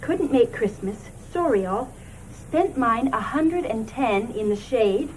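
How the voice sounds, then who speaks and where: An actress playing a brisk, practical mother of the household in a 1970s period TV drama. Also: fairly high pitch, animated. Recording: distant voice over hissy old TV audio.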